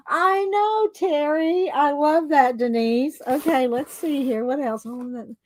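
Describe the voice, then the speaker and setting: A woman chatting casually on a livestream, short of breath and exclaiming as she reads viewer comments. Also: high voice. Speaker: livestream host.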